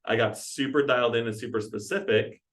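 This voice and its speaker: Energetic young man coaching a sales team. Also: medium pitch, a little fast, far from the mic, rough recording. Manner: energetic, casual, repeats key phrases. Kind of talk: team meeting training talk. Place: meeting room.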